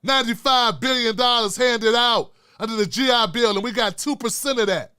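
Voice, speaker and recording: A male host tearing through a heated, profanity-laced political rant. His voice sits very high with a bright, forceful edge. The sound is dry and close, with no room to speak of. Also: normal speed, clean tone, no echo. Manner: profane, heated, swears constantly.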